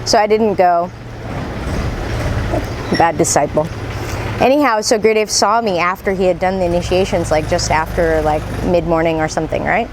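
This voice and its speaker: A woman's voice: lowish voice, normal speed, pauses often, noisy background. A woman casually sharing memories of her teacher, chatty and laughing often with lots of fillers. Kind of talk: casual personal reminiscence.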